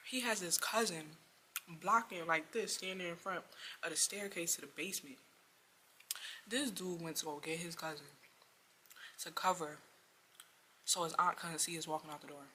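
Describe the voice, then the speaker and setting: A young woman tells an exasperated storytime tale in a slangy, animated way. Her voice is bright and forward. A faint hiss sits under the recording. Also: lowish voice. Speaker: vlogger. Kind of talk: storytime vlog.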